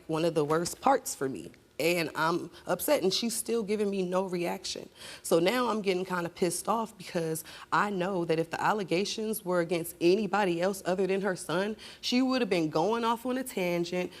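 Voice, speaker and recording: A young adult woman on a talk show, recounting a painful family story in a blunt, heated way. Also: fairly low pitch. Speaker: guest. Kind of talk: emotional talk show testimony.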